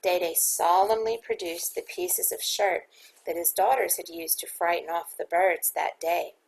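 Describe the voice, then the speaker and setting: A woman reading a novel aloud as an audiobook, measured and dramatic. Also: on the low side, very animated, creaky, husky, low-quality recording. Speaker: audiobook reader. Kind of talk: audiobook narration.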